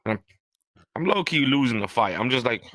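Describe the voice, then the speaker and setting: A man's voice: mid-range voice, very animated, brisk, a bit bright, dry recording. A young man hosting a podcast, telling a long, rambling, profane story in casual chat and acting out what others said. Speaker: podcast host.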